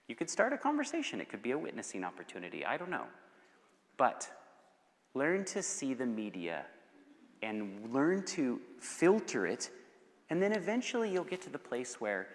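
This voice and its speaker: A man giving a passionate youth sermon and answering students' questions, swinging between loud urgency and hushed intensity. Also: medium pitch, wildly swooping pitch, normal speed, long reverb tail. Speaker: guest speaker. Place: school assembly hall.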